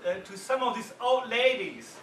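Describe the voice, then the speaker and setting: A man reading out and voicing a furious, bullying male juror who shouts down the others. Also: extremely high pitch, normal speed, slight background noise, pitched above the performer's own voice. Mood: enraged. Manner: shouting, loud and heated. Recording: roomy hall from far off.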